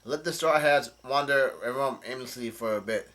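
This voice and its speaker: A man's voice: mid-range voice, moderate pace, fairly bright tone, natural voice. A man reading the lines of a gloating female witch villain from a comic, in a near-plain voice with slips and restarts. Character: mirror-powered female witch villain, cackling.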